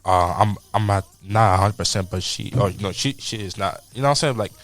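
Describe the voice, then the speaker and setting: A young adult man, a podcast guest, giving relaxed, rambling advice in casual chat. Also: fairly low pitch, a little fast. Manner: laid-back, advice-giving, loose and rambling.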